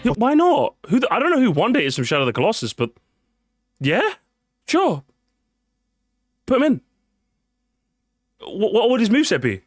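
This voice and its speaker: A young man streaming casually, excitable and profane, talking straight to his chat. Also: high voice, moderate pace, long pauses, no echo, studio quality. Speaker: streamer reacting to a video.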